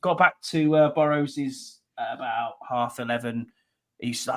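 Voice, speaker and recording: A man's voice: medium pitch, steady tone, moderate pace, bright, forceful tone. A man, casually recounting a night out with chuckles. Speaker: guest calling in. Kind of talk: casual storytelling.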